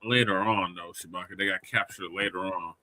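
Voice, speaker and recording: A man's voice: deep voice, fairly even intonation, a little fast, bright, forceful tone, no room sound. A man co-hosting a heated live-stream debate, blunt, mocking and argumentative. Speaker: co-host.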